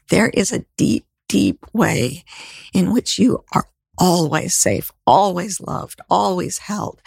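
A middle-aged woman, a guest author and life coach, talking in a soft, soothing way that sinks toward a whisper. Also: mid-range voice, vocal fry, slightly rough, no echo, studio quality. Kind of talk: heartfelt interview talk.

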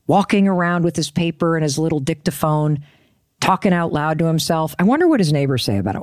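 A woman's voice: low voice, big pitch swings, fairly quick, a little mellow, dry recording, studio quality. A woman hosting a podcast, speaking in an encouraging, playful way and laughing easily. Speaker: podcast host. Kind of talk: podcast interview and sign-off.

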